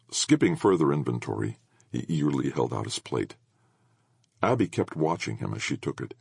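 A man narrating an audiobook with expressive storytelling. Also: rumbling low, normal speed, creaky, slightly rough, no echo, studio quality.

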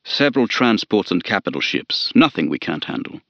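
A man voicing a confident male general in an audiobook, measured and commanding. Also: fairly low pitch, very animated, creaky, fairly bright tone, dry recording, highs cut off, exaggerated voice. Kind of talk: audiobook character voice.

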